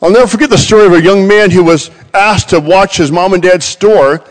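Middle-aged male preacher, lively sermon storytelling, slightly high voice, reverberant hall sound. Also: a little fast. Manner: animated, storytelling with acted quotes.

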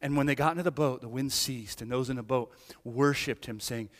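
A man preaching a sermon as a pastor, animated, moving between hushed lines and emphatic peaks, with many restarts and asides. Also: medium pitch, brisk. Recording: hall reverb.

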